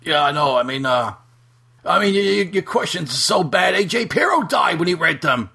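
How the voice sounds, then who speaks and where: A man's voice: on the high side, very animated, moderate pace, gravelly, slightly rough, exaggerated voice. A man doing a ranting, boastful rock star. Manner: ranting with shouted outbursts and stammering repeats. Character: brash foul-mouthed boastful aging male rock star. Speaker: podcast host. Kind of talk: comedic impression on a podcast.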